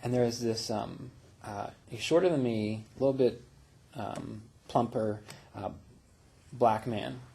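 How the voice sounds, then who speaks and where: A man teaching meditation tells personal stories in a loose, reflective way. He leans on fillers and soft laughs. His voice is mellow, slightly husky, and sits at a middle pitch. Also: measured pace. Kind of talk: casual spiritual talk.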